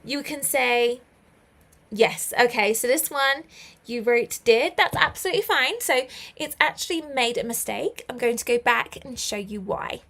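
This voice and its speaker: A young woman with a British accent runs a live online English lesson, cheering her learners on and laughing lightly between examples. Her voice sits high, with a gravelly fry at the ends of phrases. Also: lively intonation, measured pace, a bit bright. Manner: encouraging, praises learners often, laughs lightly. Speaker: English teacher.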